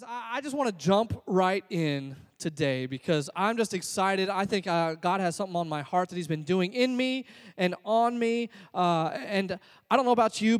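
A man's voice: high-pitched, long reverb tail. A man preaching a sermon in an earnest, conversational, self-deprecating way. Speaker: pastor.

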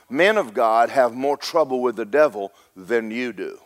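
A middle-aged man preaching a sermon as pastor, rising to a loud rhythmic peak and slipping in joking asides to the congregation. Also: medium pitch, lively intonation, unhurried.

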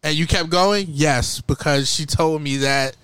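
Bright, clear-voiced man chatting. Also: fairly high pitch, a little slow. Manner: animated, acts out quoted women in a raised voice. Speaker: podcast co-host. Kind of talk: casual chat.

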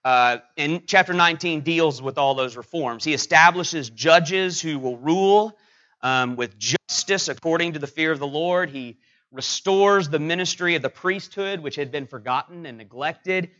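Middle-aged male pastor, bright forceful tone, halting anecdotal delivery, slightly dull lo-fi sound. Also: fairly high pitch. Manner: halting, anecdotal, many fillers and restarts. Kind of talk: sermon with personal story.

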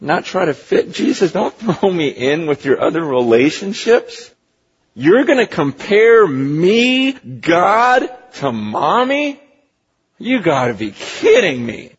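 A male pastor delivering an impassioned sermon, swinging from hushed to near-shouting, with a husky voice. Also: high voice, sing-song, slow pace. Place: church sanctuary. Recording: lo-fi recording with long hall reverb.

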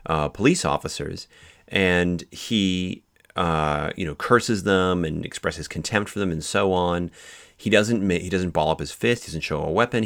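A man's voice: low-pitched, gravelly. A man lecturing on law, explaining step by step with many fillers and restarts. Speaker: law instructor. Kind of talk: recorded lecture.

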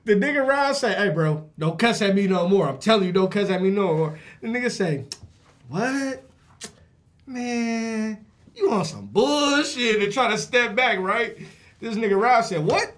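High-voiced barber telling a wild story. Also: male voice, lively intonation, unhurried, a bit bright. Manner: acts out every voice in his stories, slangy. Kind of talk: animated storytelling.

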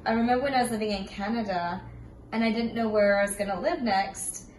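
A woman's voice: medium pitch, a little fast, darkish tone. Reflective young woman, echoey room. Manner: reflective, rambling storyteller. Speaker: podcast co-host. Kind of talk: casual chat. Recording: roomy, slightly distant mic with faint room noise.

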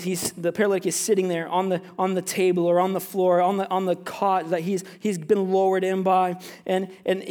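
A pastor preaching a sermon, speaking straight to his congregation and slipping into the voices of the people in his story. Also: high-pitched. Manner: animated, addresses congregation directly, acts out biblical characters.

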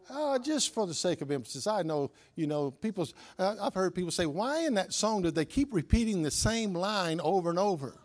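A man preaching a sermon as pastor. He drags words out with long pauses and repeats lines for the congregation to say back, moving between loud exclamations and soft, low asides. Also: expressive.

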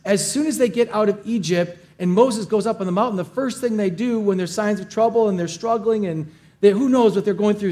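Man, pastor, sermon, high voice, casual scripture paraphrase. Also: a little mellow.

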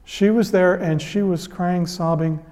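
Male pastor, slightly high voice, earnest storytelling sermon, long hall reverb. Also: steady tone, a little slow, darkish tone.

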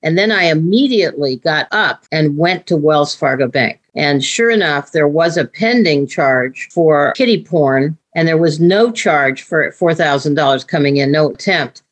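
An older woman, a business owner, tells an interviewer about an ordeal, lively and acting out the voices of the people she quotes. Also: sits low, moderate pace, few pauses, dry recording. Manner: animated, acting out quoted dialogue. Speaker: scam victim guest, business owner. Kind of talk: casual interview storytelling.

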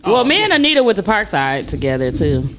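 A woman co-hosting a podcast, chatting in an unhurried, teasing way. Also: mid-range voice, big pitch swings, over a noisy crowd. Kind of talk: casual podcast chat.

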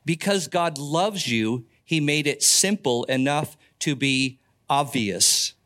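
Older male pastor, slightly high voice, unhurried earnest sermon delivery, folksy asides. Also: a bit bright.

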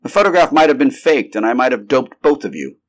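A man's voice: mid-range voice, lively intonation, quick pace, pitched above the performer's own voice, natural voice. A man voicing a commanding middle-aged scientist who leads a monster hunt and speaks in clipped, urgent commands in a storybook reading. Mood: earnest.

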